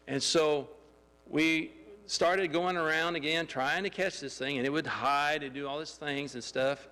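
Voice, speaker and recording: A man telling a lively testimony story in a church, excitable and laughing as he acts out the scenes. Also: on the high side, unhurried, clean tone, long reverb tail. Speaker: church member giving a testimony. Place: church sanctuary.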